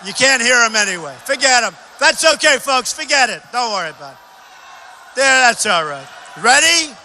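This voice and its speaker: A man from New York giving a campaign rally speech in a large arena, speaking loudly in short, repeated phrases into a podium microphone. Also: very animated, normal speed, slight background noise. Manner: loud, repetitive short phrases to a crowd. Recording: booming echo of a big arena.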